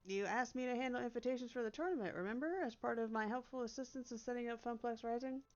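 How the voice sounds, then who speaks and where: Woman doing an eager high-pitched phone AI, fast and perky, dull lo-fi sound, faint music behind. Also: a little mellow, close to an everyday voice. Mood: chipper. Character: chipper helpful AI phone assistant, female.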